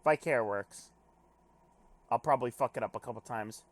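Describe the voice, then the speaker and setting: A man playing a game on video, reading its text aloud with casual commentary, animated and swearing casually while joking at himself. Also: mid-range voice, normal speed. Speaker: let's play gamer.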